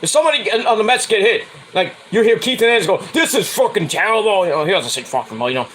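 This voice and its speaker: A man's voice: high voice, sing-song, racing, fairly bright tone, a little hiss or hum, poor audio. A man hosting his own stream, ranting in a profane, heated, rambling way about sports. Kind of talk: casual sports rant.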